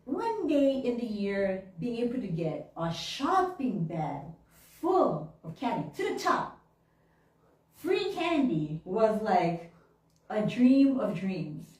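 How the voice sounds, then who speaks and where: Animated storytelling woman in echoey hall. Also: mid-range voice, slow. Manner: animated, laughing often, acts out childhood voices. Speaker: minister. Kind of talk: storytelling sermon. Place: church hall. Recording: very echoey room, mic at a distance.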